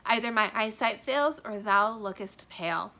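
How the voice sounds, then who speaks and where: A woman's voice: mid-range voice, normal speed, pushed and bright. A woman reading the part of Juliet, a young lovesick girl, with heightened, emphatic verse delivery. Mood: anguished. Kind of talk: dramatic reading of a play.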